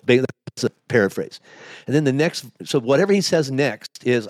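A man's voice: mid-range voice, expressive, fast talker, darkish tone, no echo. A middle-aged man, a pastor being interviewed, telling his story in a candid, emotional, confessional way that halts at the hard moments. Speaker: pastor, podcast guest.

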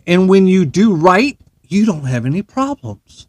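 A man's voice: high voice, very animated, a little slow, breathy edge, dry recording, clean studio sound. A man hosting a solo podcast, ranting bluntly and heatedly with plenty of swearing. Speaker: podcast host.

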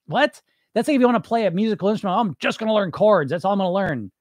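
Talking very fast with lively intonation, a high-voiced man hosts a weight loss podcast in a casual monologue. He laughs a lot and mock-quotes dieters in a blunt, emphatic way, and the studio-quality recording is dry.

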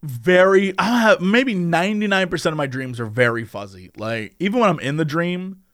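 A man in casual conversation, recounting a strange recurring dream with lively delivery and frequent laughs. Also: a little high, normal speed. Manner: animated, acts out quoted voices, laughs often. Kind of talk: casual storytelling chat.

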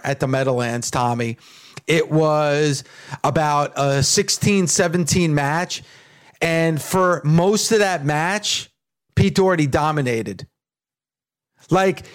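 Emphatic man on sports talk radio. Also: on the high side. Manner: emphatic, repeats points for effect. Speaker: radio co-host.

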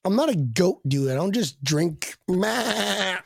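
Husky, rambling man swearing through stories. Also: fairly high pitch, very animated, normal speed, a little mellow, dry recording, clean studio sound. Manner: rambling, swearing, laughing storyteller. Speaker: guest fan. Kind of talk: casual podcast chat.

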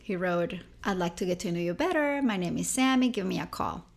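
Here the same young Venezuelan woman, a guest in an interview, recounts something from her own life with a lowish, gravelly-fry voice at a fairly quick clip. Lively throughout, she performs the people she quotes in small character voices.

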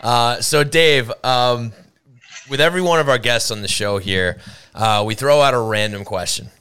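Podcast host guy, lots of ums and uhs, smooth clear voice. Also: medium pitch, moderate pace, fairly bright tone. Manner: hesitant, filler-heavy questions, laughs easily. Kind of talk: casual interview.

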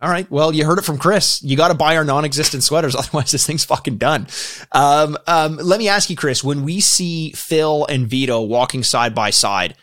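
A man's voice: on the high side, moderate pace, a bit bright. A Canadian man co-hosting a podcast, chatting casually with lots of restarts, laughs and swearing. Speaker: podcast co-host. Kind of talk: casual podcast chat reviewing a show.

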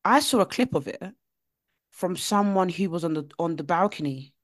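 A young woman co-hosting a podcast, telling stories with animated, playful energy. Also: on the low side, normal speed, no room sound, studio quality. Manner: animated storytelling, jumps into voices. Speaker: podcast co-host. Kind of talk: casual chat.

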